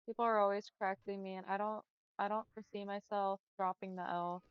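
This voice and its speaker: Chatty young Texan woman, smooth voice. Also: medium pitch, flat delivery, fairly quick, dry recording, highs cut off. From Texas. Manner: chatty, drawling, says y'all and like a lot. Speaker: streamer. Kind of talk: casual chat while gaming.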